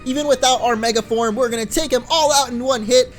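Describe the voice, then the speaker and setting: A man hosting a let's play, giving casual gameplay commentary in a chatty, excitable way and laughing often. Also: extremely high pitch, quick pace, soft background music.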